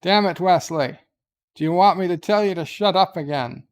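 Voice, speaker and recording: A man's voice: a little high, steady tone, unhurried, vocal fry, clear, resonant tone. A man voicing a stern, commanding older starship captain who scolds. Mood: scolding.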